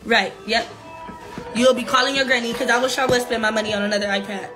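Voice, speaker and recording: A woman's voice: on the high side, steady tone, fast, music in the background. A woman, talking bluntly and profanely on a casual live stream from her phone. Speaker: livestreamer.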